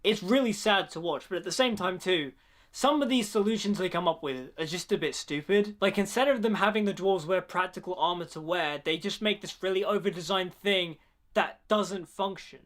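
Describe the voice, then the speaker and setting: A man's voice: sits high, normal speed, fairly bright tone. A young man giving casual film commentary, opinionated and blunt, with sarcastic asides and swearing.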